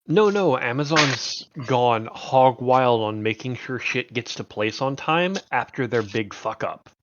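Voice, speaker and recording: A man's voice: medium pitch, lively intonation, measured pace, a bit bright. A man chatting casually on an online call, blunt and swearing freely, stumbling over restarts. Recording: dull lo-fi mic.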